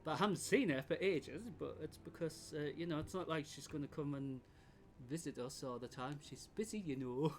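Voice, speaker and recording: A man's voice: fairly high pitch, fairly quick, a little hiss or hum. A man casually commenting on a video game as he plays, chatty and rambling. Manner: chatty, rambling, laughs often. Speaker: game streamer. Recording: stream mic with game music.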